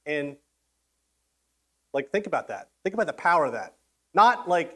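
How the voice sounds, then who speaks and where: A man's voice: high voice, very animated, normal speed, long pauses, fairly bright tone. A man preaching a sermon in a casual, conversational way, acting out quoted voices and often restarting his sentences. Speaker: pastor.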